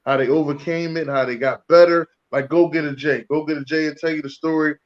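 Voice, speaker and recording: A man's voice: fairly high pitch, steady tone, fairly quick, lo-fi sound. Laid-back male podcast co-host. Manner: laid-back, easygoing, repeats phrases. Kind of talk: casual chat.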